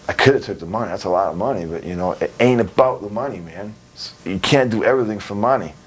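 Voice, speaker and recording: A husky, fairly low-voiced man in his thirties tells his stories bluntly and animatedly. He swears freely and talks in a candid interview manner. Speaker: interview guest, pro wrestler. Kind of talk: candid, profane interview talk.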